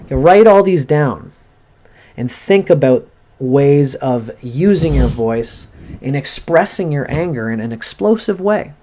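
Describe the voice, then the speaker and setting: A man in a live-streamed cold reading, speaking straight to a viewer and coaching her in an earnest, animated way. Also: mid-range voice, a little slow. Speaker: astrologer giving a reading.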